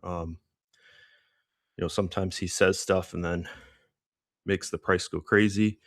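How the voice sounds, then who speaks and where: Low-voiced, breathless man talking markets. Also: fairly even intonation, a little slow, no room sound, clean studio sound. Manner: loose, rambling, lots of fillers. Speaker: trading livestream host. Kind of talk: casual live market commentary.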